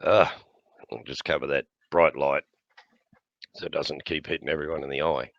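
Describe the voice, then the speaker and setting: Older aussie bloke rambling on a stream, really low gravelly voice, bright edge, dry muffled lo-fi sound. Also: male voice, steady tone, normal speed, dry recording. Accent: Australian. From Australia. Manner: chatty and rambling, talks fondly to his dog. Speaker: livestream host. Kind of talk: casual chat. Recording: dull, lo-fi sound.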